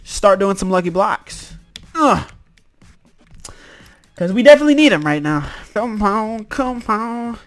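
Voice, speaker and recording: A man's voice: high voice, expressive, unhurried, long pauses. A man hosting a let's-play video, commenting in an exasperated, exclaiming, self-mocking way. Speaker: gaming video host.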